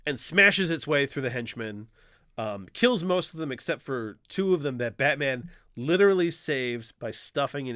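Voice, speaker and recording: A man's voice: medium pitch, pushed and bright, dry recording, clean studio sound. A man co-hosting a podcast in casual chat, animatedly retelling a comic plot, swearing freely and acting out quotes. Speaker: podcast co-host.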